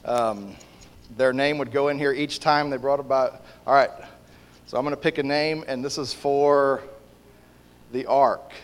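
Joking pastor in a reverberant church. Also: male voice, medium pitch, measured pace. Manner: relaxed and joking, with frequent laughs and fillers. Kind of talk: casual sermon with prayer. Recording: long church hall reverb.

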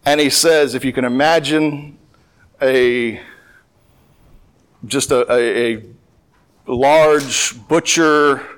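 A man's voice: mid-range voice, a bit bright, low-quality recording. Man explaining scripture in plain talk. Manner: conversational, with frequent restarts and filler; reads scripture aloud and then explains it plainly. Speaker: Bible teacher. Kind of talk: verse-by-verse Bible teaching.

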